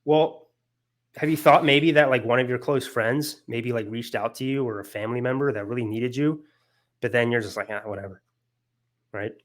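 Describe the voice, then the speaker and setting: A man's voice: mid-range voice, normal speed. Earnest young man lecturing casually. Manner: earnest, emotional, lots of fillers and restarts.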